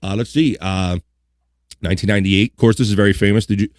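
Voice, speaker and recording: A man's voice: lowish voice, quick pace, no echo, studio quality. A man hosting a live online talk show, chatting casually and reading out history items with joking asides. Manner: relaxed, joking asides, reads items aloud. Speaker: livestream host.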